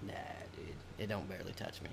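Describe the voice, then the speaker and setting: A man's voice: low voice, fast, vocal fry, slight background noise. A man co-hosting a podcast in casual, profane chat, laughing often. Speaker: podcast co-host.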